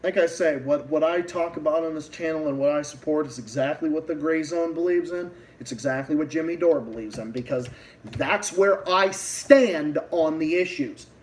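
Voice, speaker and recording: A man's voice: a little high, moderate pace, recorded from a distance, a little hiss or hum, low-quality recording. A man with a Boston accent hosting a livestream, delivering a heated, profane political rant full of restarts. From Massachusetts. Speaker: livestream host.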